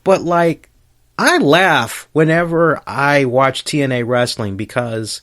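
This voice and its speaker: Male podcast host, slow and profane, rambling rant, slightly high pitch. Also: animated, a bit bright.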